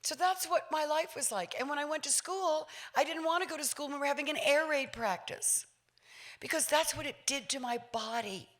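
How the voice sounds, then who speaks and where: A woman in her sixties giving a public talk, telling a personal story in an animated way and acting out voices with laughs. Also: high voice, normal speed. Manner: lively, acts out voices, laughs while telling. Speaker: featured speaker.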